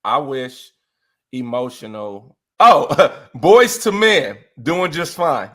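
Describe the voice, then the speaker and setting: A man with a mid-range voice takes his time as an interview guest in a casual chat. An R&B enthusiast, he's animated, laughs often, and breaks into snippets of songs.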